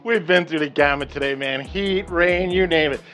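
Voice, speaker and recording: A man's voice: on the high side, moderate pace, fairly bright tone. A man hosting his cooking vlog outdoors at a grill, chatty and enthusiastic, often checking in with "okay". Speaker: cooking show host. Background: rain and light music.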